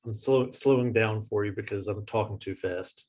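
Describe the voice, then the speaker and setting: A man presenting a clinical case, reading physical exam findings in a brisk, matter-of-fact way. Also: on the low side, darkish tone.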